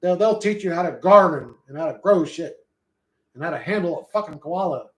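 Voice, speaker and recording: A man streams live, reading and answering his chat in a loose, rambling, profane and slangy way. His voice is on the high side, animated and fairly quick, with a roomy echo in the recording.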